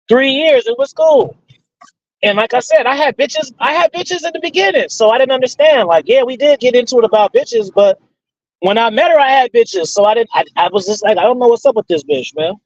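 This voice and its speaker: Brief: host with a high-pitched voice, profane and slangy, recorded dry and close. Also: male voice, expressive, normal speed, long pauses, no room sound, muffled recording. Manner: profane, rambling, streetwise slang. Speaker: host answering audience questions. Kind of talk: casual Q and A talk.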